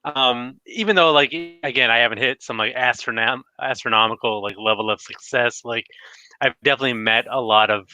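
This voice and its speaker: A man's voice: medium pitch, brisk, pushed and bright, no echo, muffled recording. A man in casual livestream chat about his collecting channel, rambling with lots of fillers and restarts. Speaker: retro collecting YouTuber.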